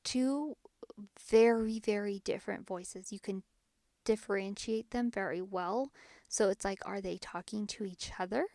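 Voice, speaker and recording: A woman's voice: mid-range voice, measured pace, dark tone, no echo, clean studio sound. A woman podcast host casually retelling a paranormal investigation, chatty and full of fillers.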